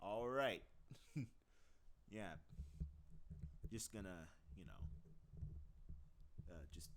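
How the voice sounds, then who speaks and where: A man's voice: fairly low pitch, fairly bright tone. A man casually talking through his voice acting practice, rambling and self-deprecating as he laughs at himself. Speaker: voice acting hobbyist.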